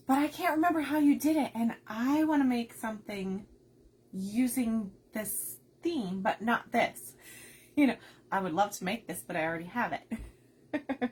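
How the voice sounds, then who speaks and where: A woman hosting a casual crafting live stream, talking softly and keeping her voice down while unwell with a migraine, chatting to viewers as she goes. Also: fairly high pitch, slightly rough. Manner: soft-spoken, keeps her voice down, chatty asides to viewers.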